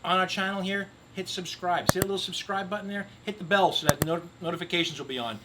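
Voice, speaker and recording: A man's voice: sits high, fast, very noisy. A middle-aged man hosting a grill cooking video outdoors, chatting upbeat and joking to camera. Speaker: grill cooking show host. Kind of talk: casual cooking demo to camera.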